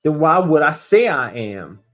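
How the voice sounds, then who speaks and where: A man's voice: fairly high pitch, very animated, a little slow, a bit bright. A man hosting his own show, ranting profanely and animatedly about his boss and acting out office conversations. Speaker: show host. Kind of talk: comedic rant.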